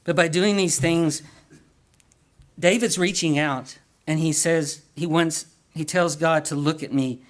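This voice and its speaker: Man, preacher, sermon, earnest, asks questions, repeats words, fairly high voice. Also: steady tone, a little slow.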